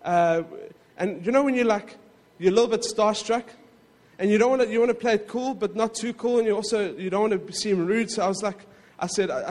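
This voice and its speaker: A man preaching a sermon in a conversational way, with frequent asides to the congregation and quick self-corrections. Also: high-pitched, a little mellow, in a large hall. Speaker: pastor.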